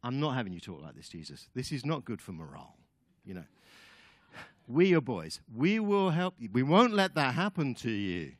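A man doing a brash loud fisherman disciple. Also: deep voice, big pitch swings, fast talker, hardly any pauses, husky, no room sound, voice pushed down, heavily acted. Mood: insistent. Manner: bluff, bossy, overconfident.

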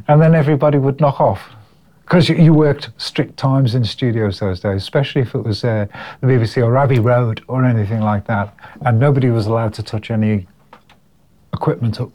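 A man's voice: mid-range voice, darkish tone. An older man with a Liverpool accent looks back on his years as a working musician. His talk is chatty and rambling, with repeated words and frequent chuckles, in an interview. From Liverpool, England. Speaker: guest musician. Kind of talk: casual interview storytelling.

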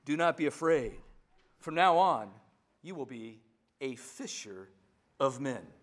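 A male pastor preaching a sermon, telling a Bible story with animated emphasis. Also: mid-range voice, slow.

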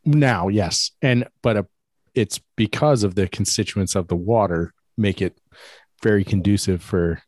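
A man co-hosting a casual podcast chat, playful and quick to joke. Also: lowish voice, no room sound. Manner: playful, jokey, lively. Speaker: podcast co-host.

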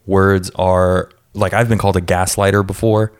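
A man's voice: sits low, little pitch movement, moderate pace, clean tone. A man, a podcast co-host who coaches volleyball, talking in a reflective way and drawing out key words for emphasis. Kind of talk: casual podcast chat.

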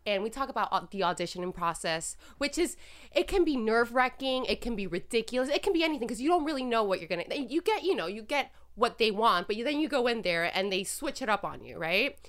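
A young adult woman in casual podcast chat, expressive and quick to laugh. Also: on the high side.

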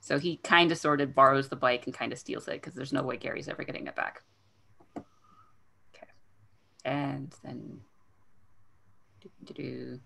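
Bright-voiced woman recapping a book. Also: rumbling low, gravelly. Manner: summarizes the plot with quick asides, self-deprecating. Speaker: podcast co-host recapping a book. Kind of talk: casual chat.

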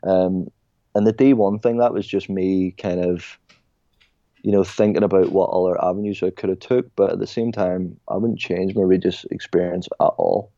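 On a casual podcast call, a young man from Ireland who used to play soccer tells stories as a guest, his chatty talk full of "mate." He has a deep, warm voice with a steady tone at normal speed. The audio is dull, with no room sound.

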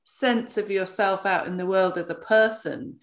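A woman's voice: mid-range voice, unhurried. A woman hosting an interview podcast, talking in a reflective, thoughtful way. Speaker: podcast host. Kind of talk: casual conversational interview.

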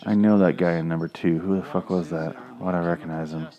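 A man's voice: low-pitched, steady tone, a little fast, highs cut off. A man giving rambling, crude, sarcastic commentary while watching a movie. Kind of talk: casual profane movie commentary. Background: movie audio playing.

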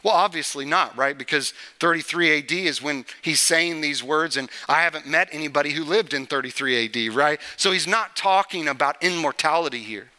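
A male pastor giving a conversational sermon in a church service, often checking in with the congregation with a quick "right?". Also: a little high, sharp tone.

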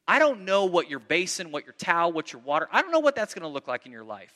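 A man preaching a sermon as pastor, earnest, swinging between loud emphasis and soft, hushed asides. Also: high-pitched, sing-song, fast talker, few pauses, in a large hall.

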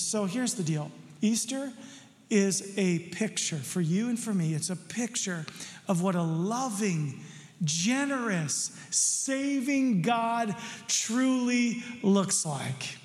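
Man, middle-aged pastor, high voice, playful storytelling sermon, reverberant church hall. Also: takes it slowly. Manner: storytelling, animated, playful, jokes with congregation. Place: church sanctuary.

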